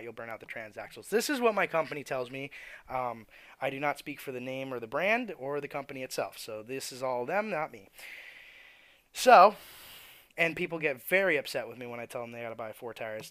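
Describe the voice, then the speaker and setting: Male, exasperated rant, heavy profanity, bright tense tone, dead-dry sound. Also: medium pitch, dry recording. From Florida. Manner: blunt, cursing, exasperated. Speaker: tire shop worker.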